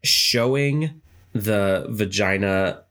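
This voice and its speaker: A man's voice: on the low side, extremely slow, fairly bright tone. A man co-hosting a podcast, dropping dry quips in casual chat. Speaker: podcast co-host.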